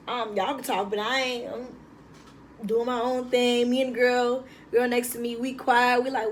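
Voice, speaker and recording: Young woman, animated storyteller, phone propped on a table at home, light hiss. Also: a little high, fairly quick. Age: young adult. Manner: chatty, animated, slangy. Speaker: vlogger. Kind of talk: casual storytelling vlog.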